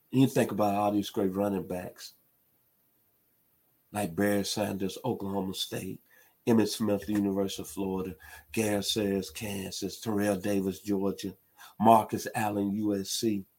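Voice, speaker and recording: Husky emphatic sports commentator man. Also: lowish voice, a little mellow. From Memphis, Tennessee. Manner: emphatic, builds to impassioned outbursts. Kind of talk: passionate sports commentary monologue.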